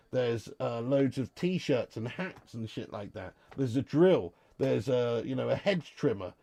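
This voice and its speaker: In a garage at home that serves as a storage room, a man runs a live football watch-along, talking casually to viewers, cursing freely, and reading the chat between stretches of commentary. His voice is mid-range and gravelly, captured in a dry recording.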